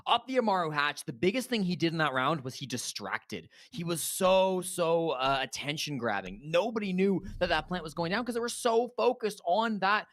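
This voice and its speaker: Guy breaking down esports rounds, chatty and analytical, slightly high voice. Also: animated, moderate pace, hardly any pauses, fairly bright tone. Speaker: color commentator.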